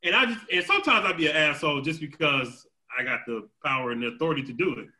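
A man's voice: on the high side, fast talker, poor audio. A man hosting a podcast over a video call, telling casual stories and acting out quoted dialogue with frequent laughter. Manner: animated storytelling, acts out quoted dialogue, laughs often. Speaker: podcast host. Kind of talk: casual chat.

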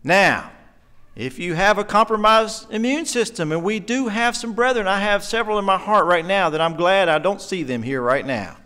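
Earnest preacher, emotional and emphatic. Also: male voice, high-pitched, fairly quick, few pauses, sharp tone, clear, resonant tone. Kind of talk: sermon. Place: church sanctuary.

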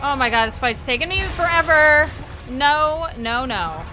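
A woman's voice: high-pitched, animated, measured pace, sharp tone, faint music behind. A woman casually commenting on her own gameplay, exclaiming and swearing often as she plays. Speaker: gaming channel host.

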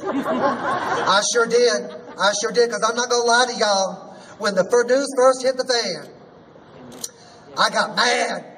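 A man's voice: very high voice, takes it slowly, pauses often. A man, a drag queen hosting an outdoor rally, rousing and sassy and leading the crowd in chants. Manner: sassy, rousing, leads call-and-response. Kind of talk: rally speech. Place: outdoor rally in front of a courthouse. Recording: distant mic, faint background noise.

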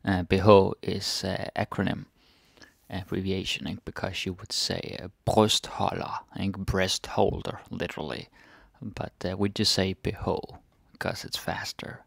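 A man with a Danish accent teaching a relaxed vocabulary lesson, repeating each word and tagging lines with a questioning "eh?". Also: low voice, vocal fry, dry recording. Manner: relaxed, repeats words slowly, tags sentences with "eh?".

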